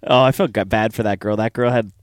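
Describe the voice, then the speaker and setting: A man's voice: fairly low pitch, fast talker, no room sound. Man retelling travel stories, dry sound. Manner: animated retelling with quoted voices, swears. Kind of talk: casual chat.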